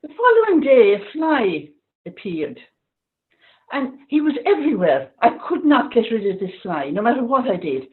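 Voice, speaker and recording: A woman doing stand-up in a put-on Irish accent over a video call, wry and halting, with a mock-sad tone. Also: fairly high pitch, sing-song, phone-quality sound. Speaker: stand-up comedian. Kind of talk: deadpan lockdown stand-up.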